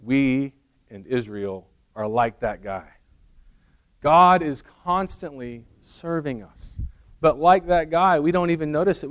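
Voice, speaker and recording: A man preaching a sermon as pastor, in a conversational, lightly humorous storytelling way. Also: on the high side.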